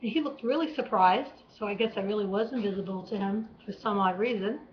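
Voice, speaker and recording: A woman's voice: mid-range voice, a little fast. A woman telling a personal faith testimony in an earnest, emotional way, acting out her own cries as she recalls them. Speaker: vlogger. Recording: dull lo-fi home recording.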